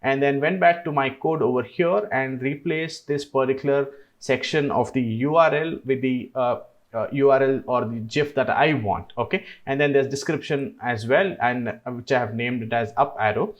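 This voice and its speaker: Man walking through a software tutorial. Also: medium pitch, moderate pace, lo-fi sound. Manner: step-by-step, with frequent fillers. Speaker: tutorial host. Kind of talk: screen-recorded software tutorial.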